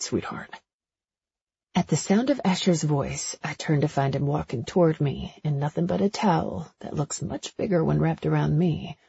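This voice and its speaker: A woman narrating a first-person romance audiobook in a breathy, intimate storytelling voice. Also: low-pitched, mellow, no room sound, highs cut off.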